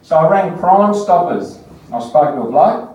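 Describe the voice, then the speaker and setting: Australian man, high voice, dark tone, crude stand-up, echoey bar from afar. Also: a little slow, dull audio. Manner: crude, animated storytelling with mocking voices. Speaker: stand-up comedian. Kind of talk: stand-up comedy set. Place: comedy bar stage. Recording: very echoey bar, distant mic.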